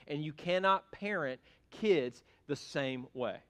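A middle-aged man preaching a sermon as pastor in a church, animated and emphatic, with sudden loud bursts. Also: a little high, slow, few pauses, smooth. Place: church sanctuary.

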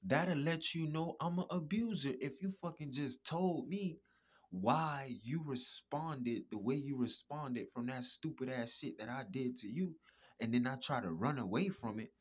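A man talking in a casual podcast monologue, emphatic, repetitive and profane, with a husky voice. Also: medium pitch, unhurried. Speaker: podcast host.

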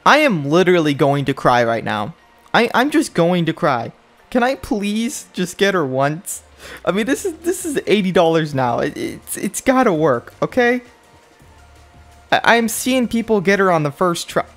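Young male gamer, frustrated pack-opening commentary, very animated pitch that cracks up high. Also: moderate pace, faint music behind. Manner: exasperated, ranting, voice jumping high in disbelief. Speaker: mobile game YouTuber.

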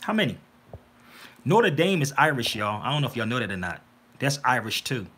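A man's voice: mid-range voice, fairly quick, breathy edge. A man talking casually and insistently to viewers on a livestream, preaching and calling out to them directly. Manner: animated, preachy, addresses viewers as y'all. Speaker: livestream host.

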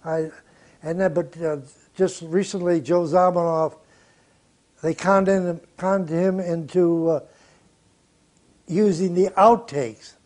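A man's voice: high-pitched, steady tone, takes it slowly, pauses often, a little mellow. An older man, a record producer, telling studio stories in an interview, blunt and profane with short chuckles. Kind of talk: interview storytelling.

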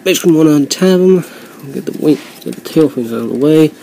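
A man casually reviewing a toy he customized at home, rambling with many fillers and quick apologies, sometimes drifting off the mic as he handles it. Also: fairly high pitch, lively intonation, creaky, dark tone, slight background noise, low-quality recording.

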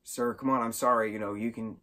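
A man's voice: medium pitch, fairly even intonation, a little fast, bright, forceful tone, natural voice. A man quoting a tearful teenage boy hero, pleading in broken phrases.

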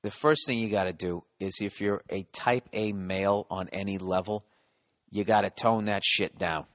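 A middle-aged man hosting a podcast, delivering a profane, sardonic comedic rant that swings from low mutters to loud outbursts into a close microphone. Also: fairly even intonation, moderate pace, no room sound. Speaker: podcast host.

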